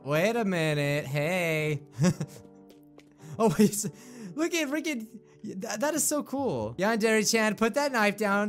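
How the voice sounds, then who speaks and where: A man giving excitable gameplay commentary, laughing often and chatting to the characters on screen. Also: high voice. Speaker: gaming video creator.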